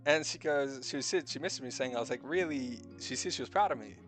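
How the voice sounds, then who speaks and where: A man's voice: medium pitch, quick pace, music in the background. A man from New Zealand with a light New Zealand accent, a streamer chatting casually in a rambling, self-correcting way with frequent swearing. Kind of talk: casual chat.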